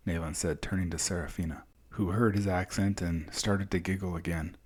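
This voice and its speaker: A man reading fantasy narration in a slow, calm, descriptive way. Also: low voice, breathy edge. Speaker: storyteller.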